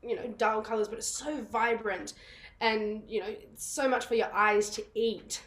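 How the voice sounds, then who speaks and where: A woman's voice: a little high, fairly even intonation, unhurried, fairly bright tone. A young woman, a theatre actress telling stories in a casual interview over a video call, bubbly and laughing often. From Australia. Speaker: guest, musical theatre actress.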